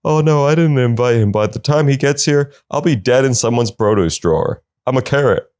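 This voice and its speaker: A man's voice: medium pitch, a little fast, a little mellow, voice pushed up, lightly acted. A man voicing a sassy talking vegetable in a flippant, raised voice.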